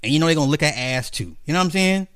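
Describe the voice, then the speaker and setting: A man delivering a profane, animated commentary rant, mocking the people he talks about. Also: very fast, smooth, no room sound. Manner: profane, animated, mocking, jumps into high mimicking voices. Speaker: commentary host. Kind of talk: ranting commentary monologue.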